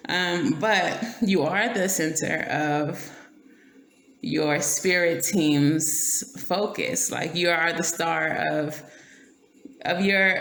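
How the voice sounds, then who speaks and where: A woman with a gravelly edge to her mid-pitched voice gives a casual tarot reading. She talks bluntly, swears freely and keeps asking "okay?" The sound is roomy, with faint noise under it. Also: a bit bright. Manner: blunt and profane, laughs often, checks in with "okay?". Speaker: tarot reader.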